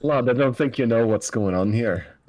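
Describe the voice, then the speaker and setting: A man voicing a gruff male public defender with a put-on brogue, bluntly calling everyone lad. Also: mid-range voice, moderate pace, a little mellow, natural voice, poor audio. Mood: impatient. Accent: put-on Scottish-style brogue.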